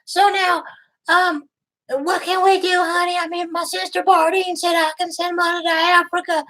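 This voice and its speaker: A lovesick, gullible woman who coos and frets in a piercingly high voice that hardly moves up or down, put on by a man as a prank. She sounds tearful and devoted, smothering her listener in endearments. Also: little pitch movement, normal speed, bright, forceful tone, full character voice, rough recording. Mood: doting gullible. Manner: doting, tearful, naive sweet-talk. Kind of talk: prank call role-play.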